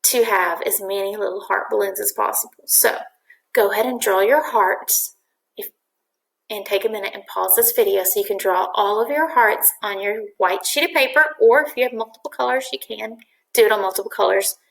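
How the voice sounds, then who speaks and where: A woman teacher leading a video craft lesson for first graders, giving patient, clear step-by-step instructions. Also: medium pitch, normal speed. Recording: echoey room.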